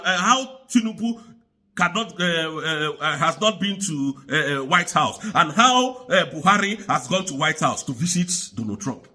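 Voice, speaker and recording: A man delivers heated political commentary in a high, husky voice that swings widely in pitch. He sounds angry and pleading, and he repeats himself for emphasis. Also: bright, forceful tone.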